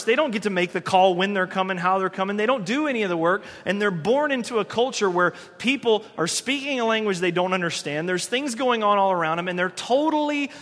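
High-voiced preacher in a reverberant hall. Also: male voice, a bit bright. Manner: conversational preaching, acts out quoted voices. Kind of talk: sermon.

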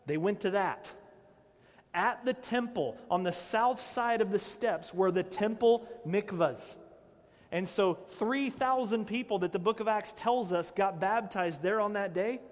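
Pastor, man, high-pitched, conversational animated sermon, church hall reverb. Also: measured pace. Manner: conversational, animated preaching with direct questions.

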